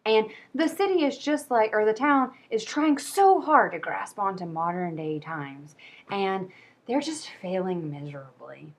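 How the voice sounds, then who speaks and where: A woman's voice: medium pitch, animated, unhurried. A woman hosting a casual book review video, chatty and rambling, poking fun at herself. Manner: chatty, rambling, self-deprecating. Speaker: book vlogger.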